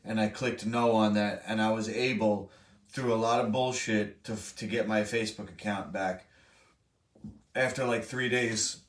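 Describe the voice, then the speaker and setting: A man's voice: on the low side, steady tone, a little slow. A young man hosting a live stream, telling a story to his chat in a rambling, profane, self-correcting way. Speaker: streamer host. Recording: roomy, from a distant mic.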